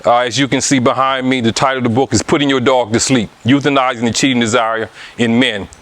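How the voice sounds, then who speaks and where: A middle-aged man with a Southern accent speaks to a live audience at a book talk. He talks at an even middle pitch and keeps circling back with fillers and restarts as he explains his ideas. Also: quick pace. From Alabama, US. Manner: hesitant, many restarts and fillers. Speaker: author giving a book talk.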